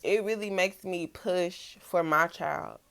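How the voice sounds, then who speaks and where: Soft-spoken young woman with gravelly voice. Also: on the low side, slow. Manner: soft-spoken, reflective, casual slang. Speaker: vlogger. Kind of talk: personal reflective vlog talk.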